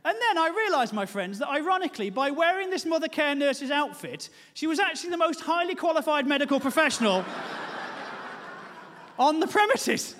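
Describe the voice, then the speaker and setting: A man's voice: very high-pitched, expressive, moderate pace, fairly bright tone, long reverb tail. A man preaching a sermon, telling a comic personal story and then pleading earnestly with his listeners.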